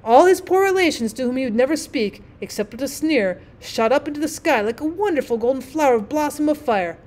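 A woman teacher reads a classic short story aloud, shaping each sentence with storytelling expression. Her voice sits a little high. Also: animated, brisk, a little mellow. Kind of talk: audiobook story reading.

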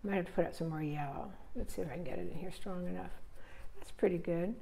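A woman teaching painting, relaxed and thinking aloud step by step as she paints. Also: fairly low pitch, fast, gravelly. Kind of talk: narrating a live painting demonstration.

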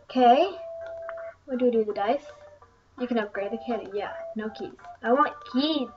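Young female gaming host, high and chatty, distant muffled mic, faint game music underneath. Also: moderate pace. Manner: chatty, wandering, many ums. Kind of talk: casual gameplay commentary.

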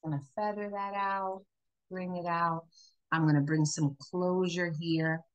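A woman's voice: on the low side, steady tone, unhurried, highs cut off. A woman hosting a live makeup tutorial, chatty and encouraging, talking viewers through each step as she works. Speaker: makeup demonstrator.

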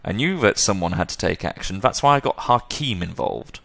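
A man's voice: sits low, animated, a little fast, vocal fry, fairly bright tone, no room sound, heavily acted. A man voicing a frightened, shaken young woman, the daughter of a wealthy man. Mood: bitter. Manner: shaken, pleading.

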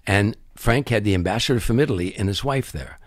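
Older male comedian guest, husky voice, acts out every character, dry close sound. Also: fairly low pitch, fairly quick, no echo. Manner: acts out other people's voices and sound effects, lively storyteller. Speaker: comedian guest telling stories. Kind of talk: animated anecdote telling.

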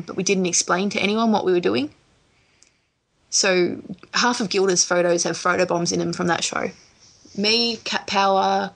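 A woman's voice: mid-range voice, gravelly, fairly bright tone. An Australian woman chatting as a podcast guest, a chatty storyteller who laughs easily. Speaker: guest, wrestler. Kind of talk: casual podcast chat.

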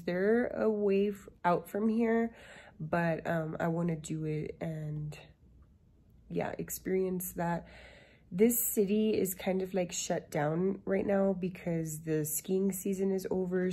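A woman's voice: lowish voice, dark tone, slightly rough, low-quality recording. A young woman in her twenties chatting casually to a handheld camera as a travel vlogger, bubbly and full of fillers. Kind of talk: casual vlog chat.

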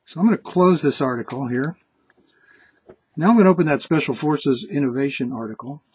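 A man's voice: on the high side, fairly quick, darkish tone, husky, dull audio. A man hosting a screen-recorded app tutorial, explaining in a casual, chatty way with some restarts. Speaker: tutorial host.

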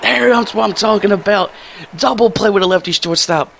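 Young male gaming commentator, excitable and slangy, gravelly tone. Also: moderate pace, a little hiss or hum. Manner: excitable, slangy, jumps to high squeals when thrilled. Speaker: gaming YouTuber. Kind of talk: casual gameplay commentary.

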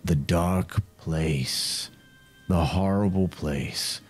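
An Australian man running a tabletop game as game master, relaxed and chatty, slowing down for dramatic narration. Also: sits low, slightly rough, soft background music.

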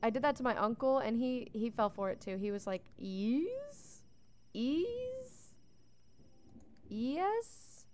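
A woman's voice: on the high side, fast talker, few pauses, darkish tone, smooth. A young adult woman giving casual, chatty commentary on her life-sim game as a let's play host. She reads the game's text aloud and gushes over cute moments.

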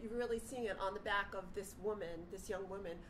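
A woman's voice: medium pitch, fairly quick, fairly bright tone, slight background noise. A woman interpreting for a guest, matter-of-fact and brief.

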